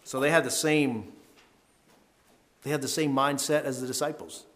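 A man with an ordinary, mid-range voice leads a Bible devotional. He reads the verses aloud and talks through them earnestly. He swells in pitch and volume whenever he wants a line to land. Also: moderate pace, fairly bright tone. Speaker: Bible teacher leading a devotional. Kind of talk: devotional Bible talk, reading scripture aloud.

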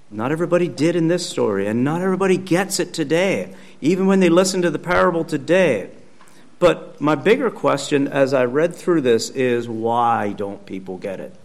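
A pastor giving a conversational sermon with emphatic repetition, speaking in a church. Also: male voice, mid-range voice. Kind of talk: sermon teaching.

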